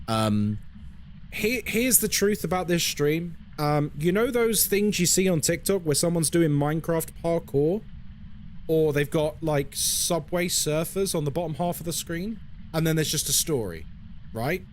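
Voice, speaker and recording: Sarcastic, lively male streamer. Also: fairly high pitch, measured pace, slight background noise. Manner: sarcastic, joking, rambling. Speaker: live streamer. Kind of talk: casual live-stream chat.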